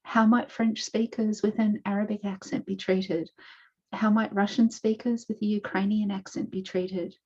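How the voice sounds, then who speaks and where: Mellow-voiced Australian woman presenting. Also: medium pitch, level tone, breathy edge. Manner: measured, explanatory, walking through slides. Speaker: panelist presenting research. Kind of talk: online conference presentation. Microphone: video call. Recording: dull lo-fi video call audio.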